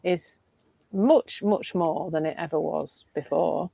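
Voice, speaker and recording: Middle-aged woman, low voice, dry close sound, animated reflective chat over a video call. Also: takes it slowly, gravelly, slightly rough, dry recording, lo-fi sound. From Northern England. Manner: animated, laughing, thinks aloud. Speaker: podcast co-host.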